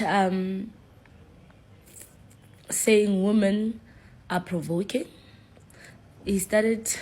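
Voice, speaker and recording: A woman's voice: medium pitch, darkish tone, slight background noise, poor audio. A woman speaking bluntly and casually. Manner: blunt, switches into another language. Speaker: interviewee. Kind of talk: casual chat.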